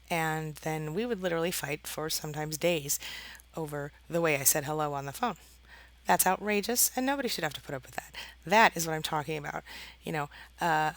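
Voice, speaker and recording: A woman's voice: on the low side, fairly bright tone, dry recording, low-quality recording. A woman host talking earnestly and casually to her viewers about abusive relationships, with many fillers and small laughs. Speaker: host, narcissistic abuse coach. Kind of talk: casual talk to camera.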